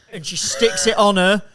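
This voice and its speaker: A man's voice: high voice, fairly even intonation, measured pace, bright, forceful tone. A man co-hosting a podcast, eagerly jumping in to redirect an improvised comic story. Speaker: podcast co-host. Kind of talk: improvised comedy chat.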